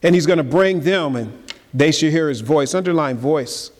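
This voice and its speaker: A pastor preaches a sermon at a moderate pace, the long reverb of a large hall trailing his words. He fires rhetorical questions at the congregation, swinging between loud, high emphasis and low, quiet asides.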